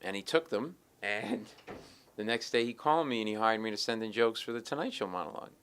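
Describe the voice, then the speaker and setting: A middle-aged man, a comedian telling animated stories in an interview and acting out the people in them. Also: lowish voice, a little hiss or hum. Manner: acts out the other people in his stories, quick and lively. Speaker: stand-up comedian, interview guest.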